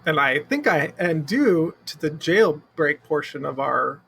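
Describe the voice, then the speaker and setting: Gravelly guy w/ bright tense voice, slow halting recap of the last game. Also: a little high, lively intonation, a little hiss or hum. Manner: slow, halting, searching for words. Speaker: player. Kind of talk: casual recap of a tabletop game.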